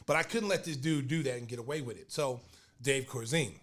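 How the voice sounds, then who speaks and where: A man hosting a podcast, telling a story with animated energy and acting out other people's lines. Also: medium pitch, a little fast. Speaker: podcast host.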